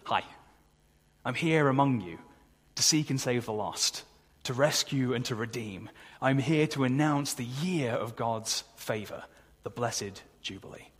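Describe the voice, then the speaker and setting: A calm male Jesus figure speaks gently in a voice, as a preacher puts him on. The voice is husky and sits in a long hall reverb. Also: mid-range voice, a little slow. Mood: gentle.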